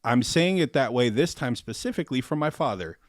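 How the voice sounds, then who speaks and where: A man's voice: medium pitch, expressive, brisk, dry recording, clean studio sound. A man hosting a podcast, chatting casually, laughing and swearing as he tells stories. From half Mexican father, raised in US. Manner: laughing, swearing, loose storytelling. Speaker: podcast host.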